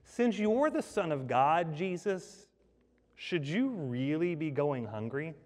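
A man's voice: on the high side, very animated, slow pace, darkish tone. A preacher voicing a sly male devil who coaxes and wheedles. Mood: coaxing. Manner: wheedling, coaxing. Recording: long reverb hall.

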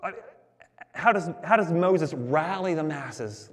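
A man preaching a sermon as the pastor, talking to the congregation in a conversational, animated way. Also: on the high side, normal speed, long reverb tail.

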